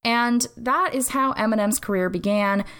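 A woman's voice: a little high, normal speed, fairly bright tone, clear, resonant tone. Joking, sarcastic woman podcaster. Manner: sarcastic, joking asides, frequent swearing. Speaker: podcast host. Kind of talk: casual solo podcast advice.

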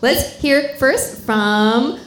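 A woman's voice: high voice, roomy sound, a little hiss or hum. Playful woman hosting a comedy game. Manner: playful, quick to laugh. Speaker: game show host. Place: comedy bar stage with audience.

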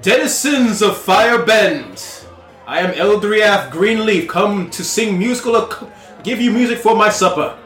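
Man doing a theatrical elven bard, put-on accent, lively and grand, echoey room. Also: high voice, unhurried, soft background music. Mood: grandiose. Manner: puts on an accent, declaiming grandly.

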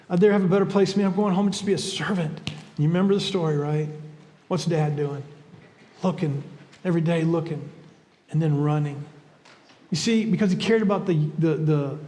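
A man's voice: sits high, darkish tone. Earnest older male preacher in a reverberant hall. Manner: earnest, conversational preaching with repeated restarts. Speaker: pastor. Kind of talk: sermon.

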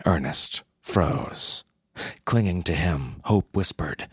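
A man reads a story in a deadpan, unhurried way. His voice is very low and husky, recorded dry. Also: no room sound. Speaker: narrator. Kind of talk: scripted story narration.

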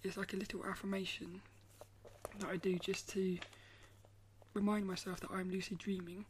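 Woman vlogger, mid-pitched and gentle, drifting into a breathy half-whisper, meandering and repeating herself, with a faint hiss behind. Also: level tone, moderate pace. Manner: rambling, repeats and restarts phrases. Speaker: artist vlogger. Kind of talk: casual talk to camera.

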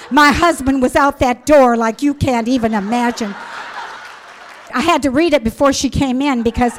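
Speaking a bit high at a moderate pace, a woman in middle age from the U.S. Midwest gives her religious testimony before an audience. She's emphatic and lively, dramatizing her own earlier words.

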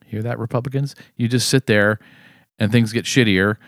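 A tipsy man co-hosting a podcast and reading out a wry, sardonic commentary segment, clearing his throat now and then. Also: fairly low pitch, steady tone, normal speed, no room sound, studio quality. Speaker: podcast co-host. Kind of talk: casual chat and read-aloud commentary segment.

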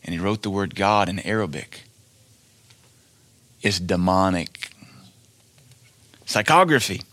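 A man's voice: low voice, fairly even intonation, measured pace, a bit bright, no room sound. A male preacher giving a fiery sermon, blunt and scornful, hammering each point with emphatic declarations.

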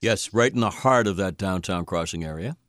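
Guy hosting an interview, really low voice, dry close sound, wry little asides. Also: a little fast, a bit bright, dry recording. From Boston. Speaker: interview host. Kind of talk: interview questions.

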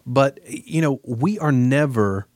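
A man's voice: mid-range voice, lively intonation, slow, a little mellow, no room sound, studio quality. A man talking earnestly as a guest host on a casual podcast, with many fillers.

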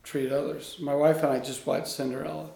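A man guest in an interview, a coach speaking in an earnest, animated storytelling way. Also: on the high side, a little fast, gravelly. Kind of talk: conversational interview. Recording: echoey room.

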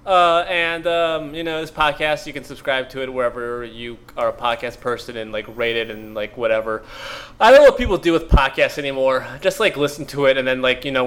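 A man's voice: medium pitch, fairly bright tone, clear, resonant tone. A man co-hosting a podcast in casual, rambling, joking chat. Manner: rambling, joking, filler-heavy. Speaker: podcast co-host.

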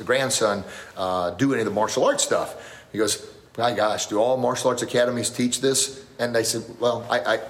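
A man who teaches martial arts, giving a motivational talk on a live stream, telling stories with lots of energy and reading out viewer comments as he goes. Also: on the low side. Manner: animated storytelling, gets loud and excited acting out scenes. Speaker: martial arts instructor and podcast host.

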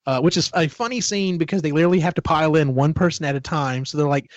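A man's voice: on the high side, fast talker, no room sound. Casual male podcast host, rambling storyteller, swears a lot; dry, dull lo-fi recording. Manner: rambling retelling, swears freely. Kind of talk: casual book discussion.

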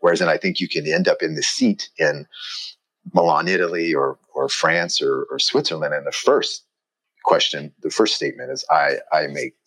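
A man with a deep, low-pitched voice, speaking as a guest in a conversation. He muses aloud, restarts his sentences, and leans heavily on fillers as he works through his thoughts. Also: animated, moderate pace, fairly bright tone, rough recording. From United States. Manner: rambling, filler-heavy, reflective. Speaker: guest, watch industry professional. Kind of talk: conversational interview.

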